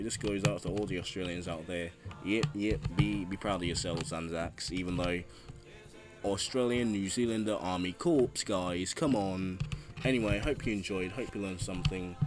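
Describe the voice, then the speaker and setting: Low-voiced man narrating with faint music. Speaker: YouTube history narrator. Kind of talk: read history narration and casual outro.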